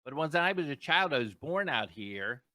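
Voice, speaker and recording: A man's voice: on the high side, very animated, moderate pace, background noise. A male comedian rambling through a self-mocking story during a casual chat over a video call. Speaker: guest comedian.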